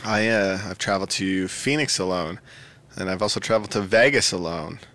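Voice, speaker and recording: A man's voice: deep voice, a little fast, a bit bright. A man co-hosting a podcast, teasing his co-host and laughing along in casual chat.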